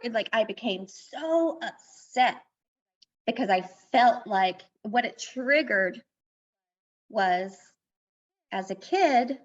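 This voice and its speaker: Interviewed on a podcast, a woman life coach earnestly explains her ideas, weaving advice together with personal stories. Her slightly high voice has lively intonation, but she speaks slowly with long pauses, and the lo-fi recording sounds dull.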